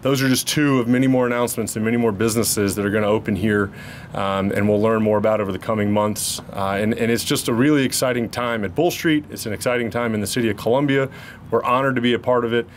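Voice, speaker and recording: A man's voice: medium pitch, fairly even intonation, fast talker, a little hiss or hum. A man speaking as landlord at a ribbon cutting, upbeat and welcoming, with some fillers. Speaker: landlord giving a speech. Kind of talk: ceremony speech. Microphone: podium microphone.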